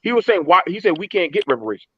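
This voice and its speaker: A man in a heated live-stream debate who speaks haltingly and emphatically, with many restarts. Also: high-pitched, lively intonation, breathy edge, no room sound, muffled recording.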